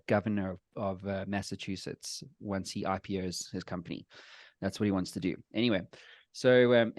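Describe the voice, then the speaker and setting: A man's voice: lowish voice, no room sound. A man hosting a casual podcast, asking questions and telling loose, profane stories. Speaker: podcast host.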